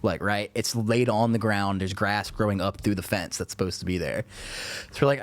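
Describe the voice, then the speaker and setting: A man's voice: sits low, level tone, brisk, no room sound. Brief: male podcast co-host, casual rambling storyteller, swears freely, dry close-mic sound. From Florida Panhandle. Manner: laid-back, rambling, swears freely, says dude and like a lot.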